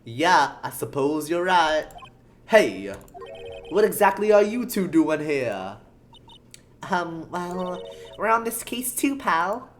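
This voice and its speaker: A woman voicing a loud, gruff, bumbling male detective in a video game, with a brash tough-guy drawl that hints at an Italian flavor. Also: on the low side, very animated, slow pace, pauses often, faint music behind, voice pushed up.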